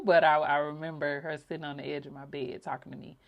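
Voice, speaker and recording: Lady with a low voice, heartfelt podcast storytelling, laughs now and then. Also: fast talker, hardly any pauses, dull audio. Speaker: podcast host. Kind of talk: personal reflective monologue.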